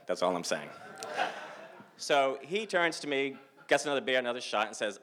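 On a theater stage, a fortysomething man from Massachusetts fires off a self-deprecating story at a fast clip in a mid-range voice. He's animated and acts out the conversations.

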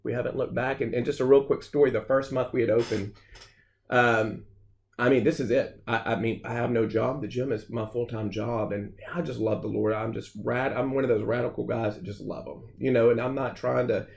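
A man's voice: medium pitch, steady tone, a little fast, creaky. A man, a podcast guest, earnestly telling his personal story and acting out what people said to him. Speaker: gym founder, podcast guest.

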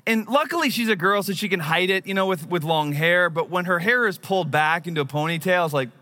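Pastor guy preaching, chatty and self-deprecating, bright voice pitched a bit high. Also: a little fast. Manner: conversational storytelling, self-deprecating. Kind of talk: sermon.

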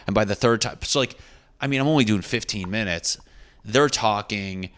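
A man's voice: fairly low pitch, expressive, fairly quick, a bit bright, clean tone. A young man, a stand-up comedian, casually telling a rambling, profane story and often correcting himself.

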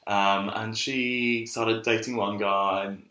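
A man's voice: fairly low pitch, little pitch movement, slow, pushed and bright. A man co-hosting a casual comedic chat, chatty and playful, giggling often. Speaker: co-host. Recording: echoey room.

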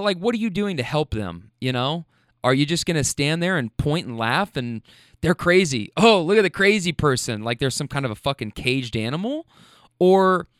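A man's voice: on the high side, a bit bright, smooth, no echo, clean studio sound. A man speaking candidly in a casual monologue, swearing freely and often checking in with "right?".

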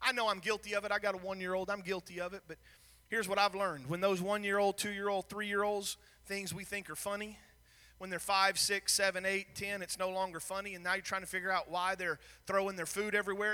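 A man preaching an impassioned sermon as pastor in a church, swinging from hushed to shouted. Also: high-pitched, flat delivery, a little fast, clear, resonant tone. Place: church sanctuary. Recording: long hall reverb.

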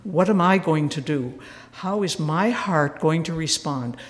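In a big church with a long reverb tail, an older nun leads a retreat talk, her low voice lively in intonation and a little slow. She tells stories with earnest warmth and wry humor.

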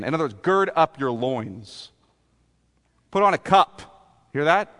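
Man, pastor, sermon, conversational, rhetorical questions, fairly high voice, long church reverb. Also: animated, a little slow, long pauses, a bit bright.

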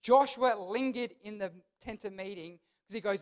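A man's voice: high-pitched, brisk, hardly any pauses, clear, resonant tone. A man preaching a youth sermon, emphatic, repeating his phrases and asking the crowd to respond. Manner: talks to the crowd, asks them to repeat. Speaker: youth pastor.

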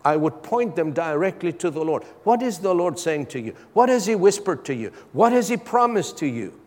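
A man's voice: high-pitched, sing-song, moderate pace, a little mellow. A man preaching a sermon as a pastor, asking his congregation for responses between points. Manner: preaching with call-and-response asides. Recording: long hall reverb.

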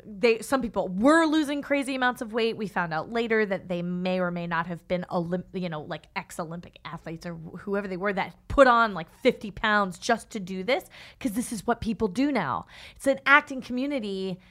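Woman telling a story with animated quotes. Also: medium pitch. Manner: animated storyteller who acts out quoted dialogue. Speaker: podcast guest. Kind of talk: casual chat.

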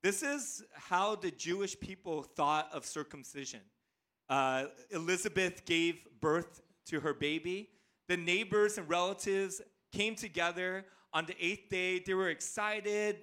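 Male pastor, thirties, high bright voice, lively storytelling sermon. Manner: animated, playful storyteller.

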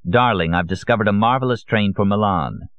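Petulant young woman, read by a male narrator, reproachful, low voice, dull audio, storybook. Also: brisk, no room sound, lightly acted. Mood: irritated. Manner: irritated, reproachful.

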